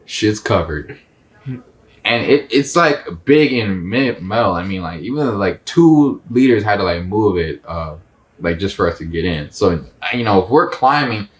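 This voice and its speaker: A young man co-hosting a podcast, telling a story in a casual, slangy, animated way. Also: fairly low pitch, measured pace. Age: young adult. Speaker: podcast co-host. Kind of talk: casual chat.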